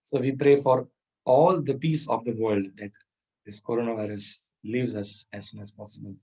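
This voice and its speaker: Husky man teaching soft skills. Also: medium pitch, steady tone, a little slow, pauses often, poor audio. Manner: chuckles often, Hindi words mixed into English. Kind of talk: informal lecture with storytelling.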